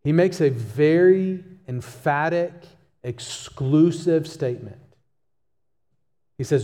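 A man's voice: on the high side, lively intonation, takes it slowly, long pauses, warm tone. Emphatic male preacher in a reverberant hall. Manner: emphatic, repeats key phrases for stress. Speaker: pastor. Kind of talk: sermon.

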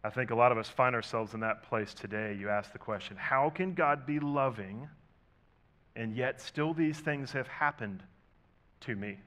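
A man preaches from a church pulpit at a middle pitch, leaning into rhetorical questions. He talks to the congregation like a friend, swinging from loud emphasis to quiet, hushed lines. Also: normal speed. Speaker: pastor. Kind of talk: sermon.

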